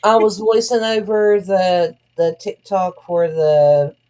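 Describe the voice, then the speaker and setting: A woman's voice: medium pitch, level tone, slow pace, warm tone. A woman co-hosting a casual livestream, adding dry, teasing asides. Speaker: livestream co-host.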